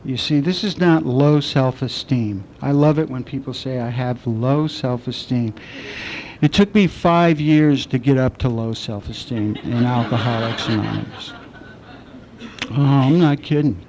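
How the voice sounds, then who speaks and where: Middle-aged man, recovery-meeting speaker, self-mocking storyteller, mid pitch, faint rumble in the recording. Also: a little slow. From southwestern United States. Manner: candid, self-mocking storytelling with dark humor. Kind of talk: personal recovery talk.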